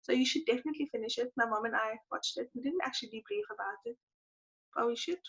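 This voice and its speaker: Young woman, podcast co-host, high bright voice, effusive casual chat, dull lo-fi recording. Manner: gushing, animated, quick to laugh. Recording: dull lo-fi sound.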